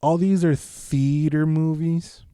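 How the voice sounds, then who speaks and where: A man from the United States hosts a solo podcast in a dark, mellow voice. He rambles casually, swears freely and keeps restarting his sentences. The recording is dry and close, with no room sound. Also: fairly high pitch, steady tone, slow pace, clear, resonant tone, dry recording. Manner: rambling, loose and profane, with frequent restarts. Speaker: podcast host.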